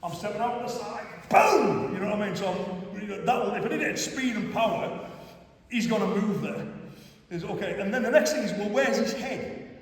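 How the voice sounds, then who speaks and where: A man's voice: sits high, fairly quick. A man with a Cumbrian accent teaching a karate class, talking in a chatty way and often checking in with his students. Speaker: karate instructor. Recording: echoey hall from far off.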